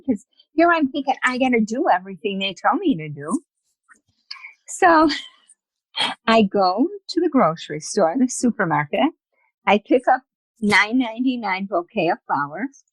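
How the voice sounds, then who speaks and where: A woman guest on a podcast interview, telling personal stories in a lively, chatty way and acting out the dialogue. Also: medium pitch, unhurried, no room sound, low-quality recording. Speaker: guest, spiritual medium. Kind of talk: casual storytelling in an interview.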